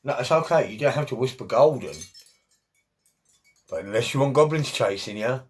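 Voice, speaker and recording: A man's voice: medium pitch, expressive, moderate pace. A middle-aged man, talking in a chatty, rambling monologue full of jokey asides.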